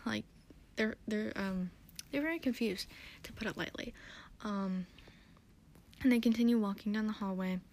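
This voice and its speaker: A woman's voice: mid-range voice, moderate pace, a little mellow, slight background noise. A tired woman hosting a podcast, recapping an episode in a rambling, hesitant, self-deprecating way. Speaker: podcast host.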